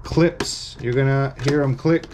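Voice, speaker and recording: A man's voice: mid-range voice, steady tone, a little slow, background noise. A man walking viewers through a hardware repair step by step, in a casual, instructive way that stresses the warnings. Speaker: repair technician.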